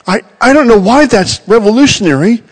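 Middle-aged male preacher, lively sermon storytelling, slightly high voice, reverberant hall sound. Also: fairly quick. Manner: animated, storytelling with acted quotes.

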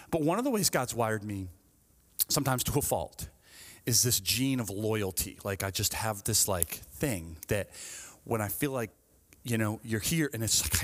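A middle-aged male pastor preaching a sermon, telling stories with lively swings from hushed asides to fervent appeals, often tagging lines with "right?". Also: medium pitch, normal speed, long reverb tail. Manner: frequent "right?" asides, repeats phrases.

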